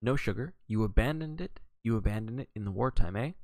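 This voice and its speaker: A man voicing a fussy, excitable little Belgian detective in an audiobook reading, with dramatic exclamations. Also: on the low side, fast talker, no echo, studio quality. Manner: dramatic, sprinkled with French exclamations.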